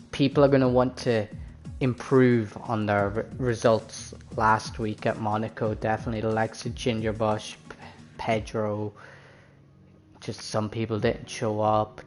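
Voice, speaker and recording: Chatty male sim racing stream host. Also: fairly low pitch. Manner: casual, chatty, addresses viewers and drivers directly. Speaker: league race host.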